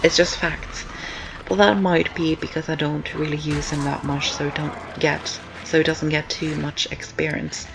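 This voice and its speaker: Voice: mid-range voice, little pitch movement, a little slow, vocal fry, noisy background. A young student giving casual gameplay commentary, rambling and repeating with many ums, out of breath with a sore throat. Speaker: let's-play commentator. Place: indoors at home, rain on the windows. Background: game music.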